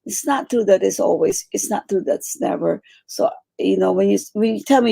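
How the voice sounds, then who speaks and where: A woman teaching a meditation class, coaching her students gently and repeating phrases for emphasis. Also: mid-range voice, normal speed, creaky, breathy edge. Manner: warm coaching, repeats phrases, acts out quoted pleas.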